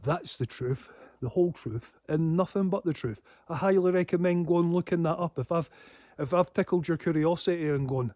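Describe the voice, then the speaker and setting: A man's voice: a little high, normal speed, a little mellow, no room sound. A man rambling in a casual vlog monologue, swearing often and breaking into laughs. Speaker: paranormal vlogger.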